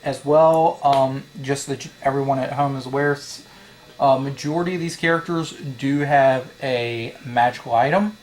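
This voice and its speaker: A man's voice: medium pitch, steady tone, darkish tone. Hesitant man running a tabletop game. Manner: halting, many fillers. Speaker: dungeon master.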